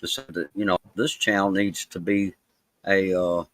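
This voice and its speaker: A man with a Southern Mississippi accent, answering interview questions in a relaxed, halting way with lots of fillers. His voice sits fairly low and sounds dry and close to the mic, with no room around it. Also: no echo, low-quality recording. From Mississippi, USA. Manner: halting, many fillers and restarts. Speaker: interview guest. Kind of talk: casual live-stream interview.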